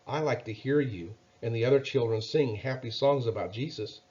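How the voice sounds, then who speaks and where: A man voicing a small, timid but cheerful male mouse who squeaks and stammers kindly. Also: moderate pace, a little mellow, lo-fi sound, natural voice. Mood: encouraging.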